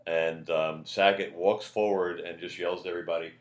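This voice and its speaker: Older man, very low voice, animated storyteller, echoey podcast room. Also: moderate pace. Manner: animated storyteller, shouts quoted lines. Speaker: comedian guest. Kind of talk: casual anecdote telling.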